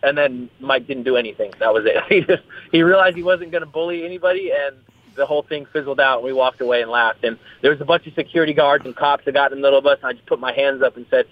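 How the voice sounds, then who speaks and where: A man's voice: mid-range voice, quick pace, no echo. Tinny-sounding young man, rambling and profane. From US West Coast. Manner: rambling, repeats words, swears freely. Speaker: fighter. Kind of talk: casual interview chat. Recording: tinny phone-like line.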